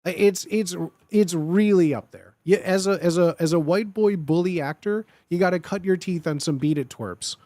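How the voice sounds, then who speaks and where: A man's voice: high voice, moderate pace, few pauses, warm tone, dry recording. A young man hosting a comedic tier-list show, riffing mock-seriously on catchphrases and repeating them in put-on voices. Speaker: host ranking phrases.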